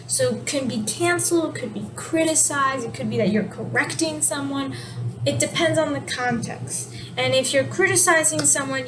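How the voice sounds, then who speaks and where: Woman teacher, high voice, casual explainer, steady noise behind her. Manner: explanatory, relaxed, self-correcting. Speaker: sign language teacher. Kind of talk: casual video lesson.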